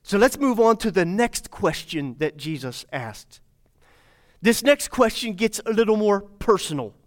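A man's voice: sits high, big pitch swings, a little slow. A man preaching a sermon as pastor, speaking to his congregation with repeated phrases and rhetorical questions. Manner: repetitive, rhetorical questions, addresses congregation directly.

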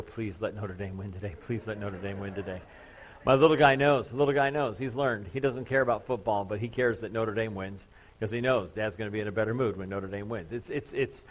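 A man in his thirties, a pastor preaching to his church congregation, telling a story in a casual, joking, self-deprecating way. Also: mid-range voice. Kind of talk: sermon.

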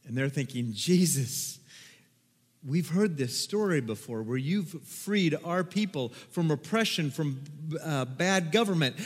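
A high-voiced male pastor preaching in a church sanctuary, his words ringing with a long hall reverb. He delivers the sermon with lively energy and dramatizes the crowd's voices. The sound has the spacious tail of a big room. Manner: animated, acts out crowd voices with whoops.

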